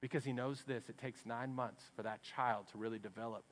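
A man with a Texan accent preaching a sermon, swinging from hushed, low passages up to loud, emphatic ones. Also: steady tone, a little fast. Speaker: pastor. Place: church sanctuary. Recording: long hall reverb.

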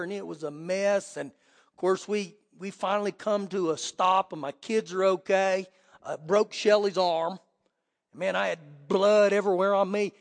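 A middle-aged male pastor preaching a sermon, telling a personal story dramatically, dropping to a hush and then rising loud. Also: sits high, vocal fry. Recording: long hall reverb.

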